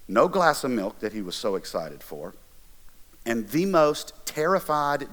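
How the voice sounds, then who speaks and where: A middle-aged male pastor tells a story from the pulpit, chatty and lively, throwing in playful asides to the crowd. His voice sits at an ordinary middle pitch for a man. The delivery is conversational rather than formal. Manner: animated, conversational, jokey asides. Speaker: college ministry pastor. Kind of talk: storytelling sermon.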